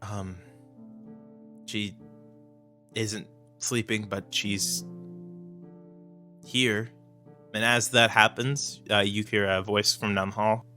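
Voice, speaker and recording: A man narrating as game master of a tabletop game, hesitant and full of fillers. His tone is bright. Faint music plays underneath. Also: fairly low pitch, fairly even intonation, slow pace, pauses often.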